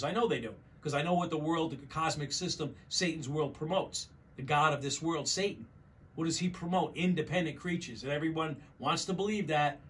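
A man's voice: a little high, slight background noise. A man preaching a sermon as pastor, emphatic and repeating his key phrases, often calling his listeners folks.

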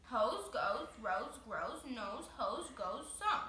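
A woman's voice: fairly high pitch, very animated, slow pace, background noise. A woman reading tongue twisters from a children's book aloud, often stumbling over the words and laughing at herself. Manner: giggly, self-mocking, trips over words. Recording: echoey room.

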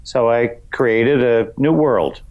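A man's voice: takes it slowly, dull audio. A middle-aged man from New York's Westchester County, a comedian guest talking in a loose, rambling way, full of "you know" fillers. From Westchester County, New York. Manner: acts out voices in high shouts. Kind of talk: casual interview chat.

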